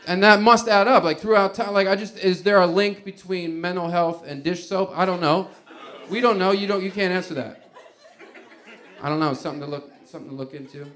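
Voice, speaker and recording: A man in a stand-up set, musing and rambling with half-laughing asides. His voice sits a bit high, and his delivery wanders through loose questions. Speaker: stand-up comedian.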